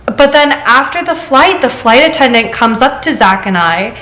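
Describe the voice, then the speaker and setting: A woman hosting a casual chat show, reading stories aloud and telling her own story in an animated way. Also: on the high side, normal speed. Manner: animated storyteller, laughs often. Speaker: host. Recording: echoey room.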